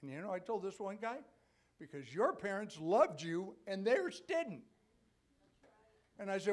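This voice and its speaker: A man's voice: sits high, very animated, a little slow, pauses often. Conversational older male pastor preaching. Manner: conversational preaching, frequent "okay?" check-ins, rising to loud emphatic peaks. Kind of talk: sermon. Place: church sanctuary.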